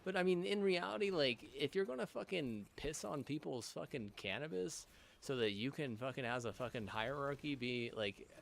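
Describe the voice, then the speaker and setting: A man's voice: medium pitch, normal speed, creaky, slight background noise. A man streaming, in a rambling rant full of swearing, restarts and filler words.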